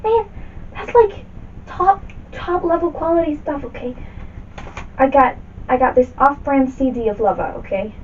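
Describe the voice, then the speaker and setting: A woman's voice: high voice, unhurried, long pauses, voice pushed up. A woman doing a pushy street dealer with a New York twang. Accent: put-on vague New York. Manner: pushy, repeats "okay?" to close deals. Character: shady young street dealer, pushy and cagey. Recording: muffled distant camcorder audio with hiss.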